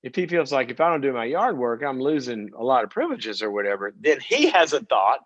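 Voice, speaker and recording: A man's voice: mid-range voice, very animated, brisk, fairly bright tone, dry recording, lo-fi sound. A man hosting a call-in advice show, coaching a caller in a direct way and acting out parents and kids in short bursts. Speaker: call-in show host, psychologist.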